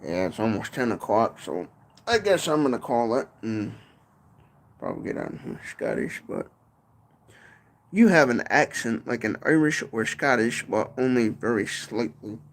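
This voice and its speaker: A man's voice: medium pitch, very animated, moderate pace, gravelly. A man with a Michigan accent chatting casually on a livestream from his porch, rambling and often tacking on "and stuff". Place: home porch, outdoors.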